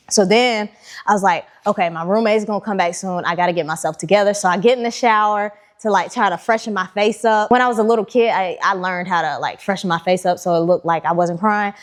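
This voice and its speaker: A young woman in the host's chair shares her own life story in a candid, conversational way. Her pitch sits in an ordinary middle range. She slips into her past self's thoughts as she talks. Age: young adult. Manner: candid, animated retelling with quoted inner thoughts. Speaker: podcast host. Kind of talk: personal storytelling.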